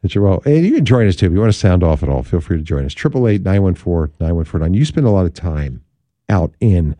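Dark-toned, low-voiced radio host. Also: male voice, sing-song, quick pace, no room sound. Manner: chatty, leading questions with affirmations. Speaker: radio talk show host. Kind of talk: casual radio interview.

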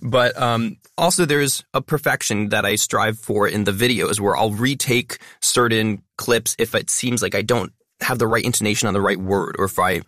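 Man, interview guest, fast talker, stresses many words, low pitch, dry studio sound. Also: fairly bright tone, dry recording. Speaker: content creator and guest. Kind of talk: interview conversation.

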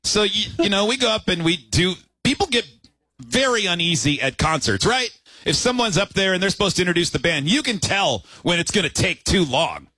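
A man's voice: sits high, brisk, no echo. A man hosting a radio show, telling a story with lots of laughter and acted-out voices. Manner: animated, laughing, acts out voices in his story. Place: radio studio broadcasting live from a restaurant.

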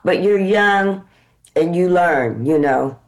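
An American woman actor, a guest in an interview, telling lively stories and acting out the dialogue in them. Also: lowish voice, slow, low-quality recording. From United States. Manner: animated, acts out dialogue in her stories. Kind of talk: conversational interview storytelling.

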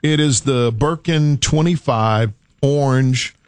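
A man's voice: medium pitch, slow, no room sound. Brief: male talk host, playful storytelling, dry voice. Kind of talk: casual talk show chat.

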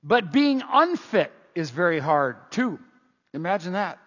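A man's voice: sits high, big pitch swings, measured pace, a bit bright. An older man, a pastor giving a folksy, conversational sermon with emphatic repetitions. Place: church sanctuary. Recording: dull sound in a reverberant church hall.

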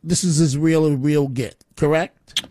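A talk radio host, chatty and opinionated, pausing often on fillers as he moves between stories. His voice sits a touch high for a man. The studio sound is dry and close. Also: fairly even intonation, mellow, no echo.

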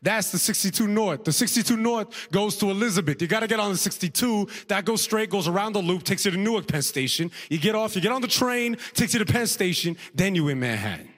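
A man doing a brisk, confident direction-giver. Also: high-pitched, lively intonation, a bit bright, in a large hall, pitched above the performer's own voice. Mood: assured. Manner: rapid, assured, rattling off directions. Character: confident chatty man giving bus directions.

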